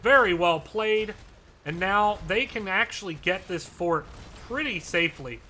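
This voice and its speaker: A man giving live play-by-play commentary on an esports match, brisk and chatty with playful asides. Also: high voice, animated, bright, forceful tone, a little hiss or hum. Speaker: esports caster.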